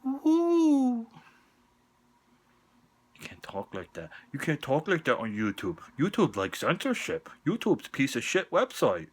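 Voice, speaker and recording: A man from the northern United States giving sports picks on his vlog in a profane, sarcastic rant, jumping between loud jabs and muttered asides. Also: mid-range voice, very animated, normal speed, hardly any pauses, breathy edge. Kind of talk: ranting sports opinion vlog. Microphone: on-camera vlog mic.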